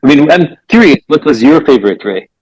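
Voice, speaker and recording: A man who is an author, a guest on a radio interview, explaining at length with many filler pauses. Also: fairly high pitch, animated, breathy edge, no room sound, poor audio.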